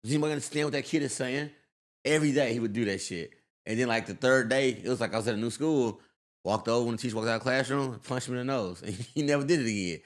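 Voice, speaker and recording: A man talks very fast, rattling through stories in casual podcast chat. He slips into mimicked voices of other people as he goes, and his pitch sits in the middle of the range. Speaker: comedian and co-host.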